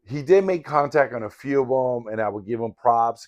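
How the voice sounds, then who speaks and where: A man's voice: medium pitch, expressive, normal speed. An older man telling a personal story in a casual, rambling, candid and reflective way. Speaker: vlogger in sobriety recovery.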